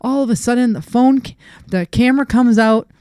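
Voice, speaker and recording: Woman dog trainer, podcast co-host, animated storyteller; smooth, resonant, close and dry sound. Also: a little high, brisk, dry recording. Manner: animated storyteller who acts out quoted people. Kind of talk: casual podcast chat.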